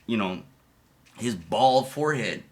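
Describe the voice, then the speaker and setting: A man's voice: lowish voice, lively intonation, a little slow. A man streaming casual, rambling commentary over a video, profane and loose, often laughing as he tells a story.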